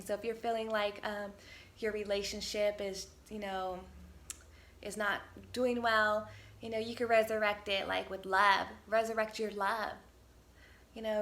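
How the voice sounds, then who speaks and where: A woman's voice: medium pitch, fairly bright tone. A woman giving a casual spiritual vlog talk outdoors, upbeat and encouraging, rambling with many fillers and restarts. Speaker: spiritual healer and channel. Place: outdoors on a windy day.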